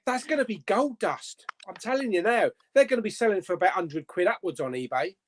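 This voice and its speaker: A high-pitched man hosts a relaxed live stream. He chats loosely and drops a casual swear now and then. He keeps a bantering tone with his guest. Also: fairly quick, a little hiss or hum. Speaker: host.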